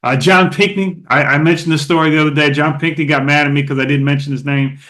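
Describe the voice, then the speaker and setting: A middle-aged man from Oakland, a former ballplayer, telling stories as a podcast guest in a lively, casual way with many fillers and restarts. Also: a little high, quick pace. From Oakland, California. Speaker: guest, former baseball catcher. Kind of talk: casual storytelling interview.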